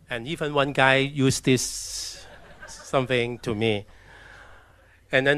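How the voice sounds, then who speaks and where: A man from China, telling his personal story as a missionary in a halting way, often restarting his sentences. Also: medium pitch, fairly even intonation, a bit bright, clear, resonant tone. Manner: halting, with restarts and acted-out quotes. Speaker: missionary speaker. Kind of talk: personal testimony talk with slides.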